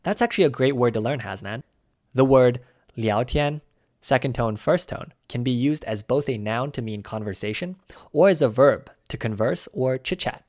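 A man's voice: mid-range voice, expressive, normal speed, darkish tone. A man co-hosting a scripted language-lesson podcast, running quiz questions and explaining words in an upbeat teaching manner. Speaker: podcast co-host.

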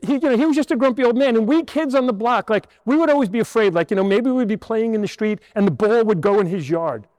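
A man's voice: high voice, fast, few pauses, a little mellow, no room sound, long reverb tail. A man in his sixties, a priest, telling a story in a homily to children and asking them rhetorical questions. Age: 60s. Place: church.

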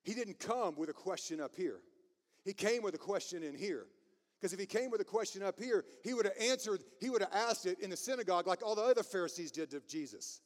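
A man's voice: high-pitched, lively intonation, brisk, big-room sound. A man preaching a sermon, passionate and emphatic, laughing at himself now and then.

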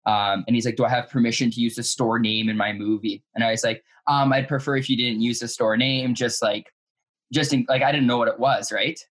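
A man's voice: mid-range voice, steady tone, fairly quick, fairly bright tone. A young man who is a guest on a podcast, telling a story in a casual, hesitant way with many fillers.

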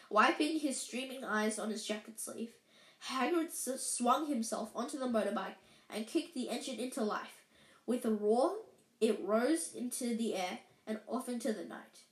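A woman's voice: on the high side, animated, moderate pace. A woman reading a storybook aloud in an unpolished way, often stumbling and correcting herself. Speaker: reader. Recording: echoey room.

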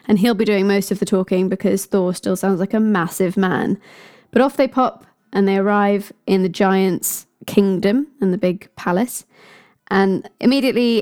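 Woman storyteller, casual and chatty, cracks jokes as she goes. Mellow tone. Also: mid-range voice. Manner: chatty, jokey asides. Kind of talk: casual retelling of a myth.

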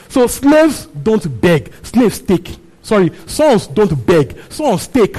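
Animated preacher with a high voice. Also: male voice, a little slow, rough recording. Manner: animated, repeats phrases and asks the congregation questions. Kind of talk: sermon teaching on a Bible passage.

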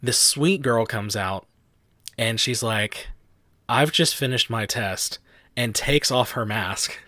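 A young man, co-hosting a podcast and telling stories in a chatty, animated way. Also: medium pitch, slow, no room sound. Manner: chatty storyteller, animated quotes, frequent "like". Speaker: podcast host. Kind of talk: casual chat.

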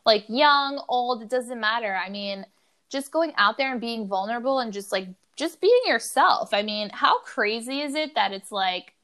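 A woman's voice: a little high, expressive, moderate pace, fairly bright tone. A woman co-hosting a podcast in casual chat, talking with many "like" fillers and laughing through her stories. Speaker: podcast co-host.

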